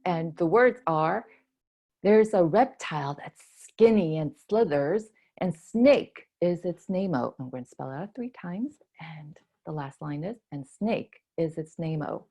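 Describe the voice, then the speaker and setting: A woman's voice: low voice, lively intonation, measured pace, dark tone. A woman, a children's librarian, teaching a preschool storytime lesson with gasps and a sing-song delivery for small children.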